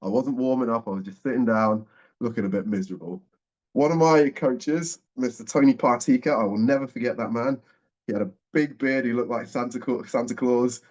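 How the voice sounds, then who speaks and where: A man around forty, a guest speaker telling a personal story in a lively way and acting out what people said. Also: medium pitch, fairly quick. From England. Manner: lively storyteller, acts out the dialogue. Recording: dull, muffled audio.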